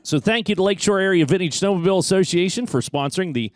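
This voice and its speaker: A male race announcer calling the action in quick, excited bursts, his voice sitting a little high. The sound is close and dry, with no room around it. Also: no echo. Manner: fast, excited race calling with track jargon. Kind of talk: play-by-play commentary.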